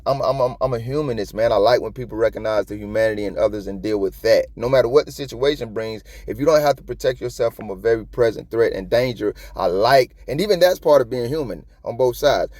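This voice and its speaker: Profane, animated man with slang. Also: medium pitch, no room sound. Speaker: copwatch commentator. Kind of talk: casual commentary.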